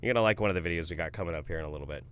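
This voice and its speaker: A man in his thirties hosting a live stream, reading viewer donations in a relaxed, profane, jokey way. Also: deep voice, rapid-fire, smooth. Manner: laid-back, swears freely, laughs often. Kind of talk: casual live-stream commentary.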